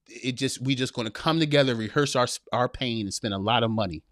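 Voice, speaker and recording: A man's voice: medium pitch, a little fast, hardly any pauses, a bit bright, no echo, clean studio sound. A middle-aged man hosting a podcast, reading live chat aloud and preaching in a casual, slangy way, often breaking into laughter. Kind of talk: casual live-stream commentary.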